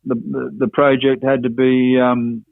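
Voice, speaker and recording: A man's voice: mid-range voice, flat delivery, unhurried, gravelly, no echo. Man rambling over a phone line. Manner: rambling, full of "you know" and "and that", restarts. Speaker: podcast guest. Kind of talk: casual chat. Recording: phone-like narrow line, dry.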